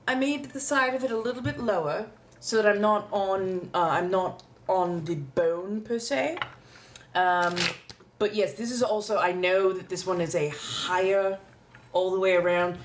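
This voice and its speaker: A woman from Southern California reading tarot on a live stream in casual chat, with a theatrical, drawn-out way of speaking and calling her viewers darlings. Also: on the low side, a little hiss or hum. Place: home.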